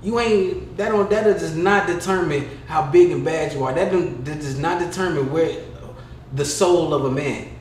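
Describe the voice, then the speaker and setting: Young man, podcast co-host, fairly high voice, animated, profane, casual chat, echoey room, faint noise. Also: normal speed. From California. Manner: animated, profane storytelling with loud bursts.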